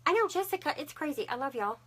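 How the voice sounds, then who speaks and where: A woman's voice: high voice, lively intonation, fast talker, fairly bright tone. A woman, chatting to viewers on a craft live stream and greeting them by name. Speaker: craft livestream host.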